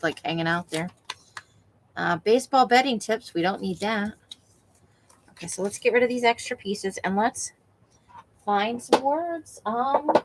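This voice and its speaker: A woman from Nevada hosts a crafting livestream, chatting casually with viewers as she works and laughing often. Her voice is medium in pitch. The recording is rough, with slight background noise.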